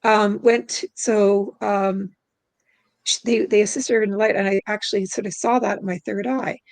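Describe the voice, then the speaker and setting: A middle-aged woman from Canada tells a long personal story in casual interview talk. Her voice has a gravelly edge at a medium pitch. She rambles, restarts often and leans on fillers. The sound is dry and close. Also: fairly even intonation, moderate pace, darkish tone, no room sound, low-quality recording. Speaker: guest spirit releasement practitioner.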